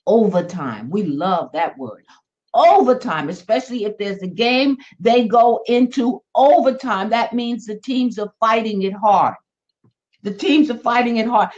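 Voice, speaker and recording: Woman, motivational live-stream host, bit high, animated, repetitive for emphasis; muffled lo-fi sound. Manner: animated, repeats phrases, acts out little quoted voices. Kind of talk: motivational talk on a social media live stream.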